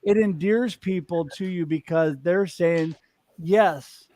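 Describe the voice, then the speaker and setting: A man's voice: sits high, measured pace, dark tone, a little hiss or hum. A middle-aged man hosting a casual panel chat over a video call, upbeat and telling stories about himself with self-deprecating humor. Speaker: host.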